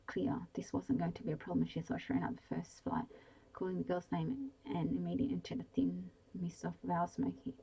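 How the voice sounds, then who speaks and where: A woman whispers a bedtime story in whispered role-play, low and breathy. Her voice has a gravelly edge and a dark, mellow tone. She reads slowly and evenly, with a few slips along the way. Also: poor audio. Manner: slow, soothing reading with small slips.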